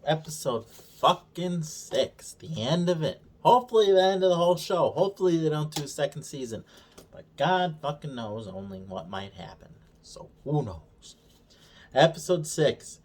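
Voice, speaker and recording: A man's voice: fairly high pitch, expressive, a little fast, a little mellow. Male reviewer, casual rant, heavy swearing, sarcastic and exasperated throughout. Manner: swears constantly, mocking and exasperated; retells scenes by acting out characters' lines. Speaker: video reviewer.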